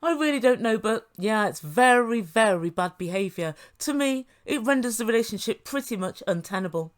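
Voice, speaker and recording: A woman's voice: on the high side, lively intonation, moderate pace. A woman giving sarcastic commentary on a reality TV show as a reviewer. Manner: sarcastic, mimics the people she quotes.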